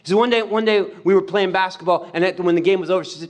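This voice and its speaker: A man giving an animated storytelling talk, retelling a friend's words with frequent "he said.". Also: sits high, fast, few pauses. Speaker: speaker.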